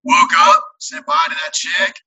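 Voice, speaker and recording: A man's voice: moderate pace, sharp tone. A young man, a touring musician, telling a rambling story in casual chat, with profane words and lots of filler.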